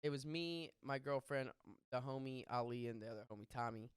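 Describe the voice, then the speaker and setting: A young man hosting a podcast, telling a story in casual chat, animated and profane with quick asides. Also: mid-range voice, clean tone, dry recording, studio quality. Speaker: podcast host.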